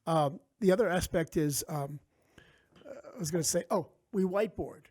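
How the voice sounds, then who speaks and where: A man's voice: a little high, normal speed. A middle-aged man from New Jersey, a podcast guest telling stories in casual chat and acting out the voices he quotes. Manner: animated, acts out quoted voices.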